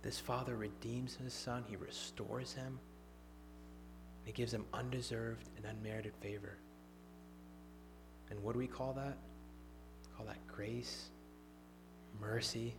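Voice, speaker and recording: A man preaching a sermon, swinging from emphatic, raised lines to hushed, near-whispered ones. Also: mid-range voice.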